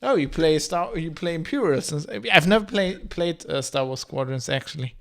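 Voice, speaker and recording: A man in his thirties from Germany with a mixed, slightly German English accent, chatting loosely while streaming a game and reading chat aloud, with a slight rasp. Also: on the high side, animated, moderate pace, fairly bright tone. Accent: German-tinged mixed English. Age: 30s. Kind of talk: casual game commentary.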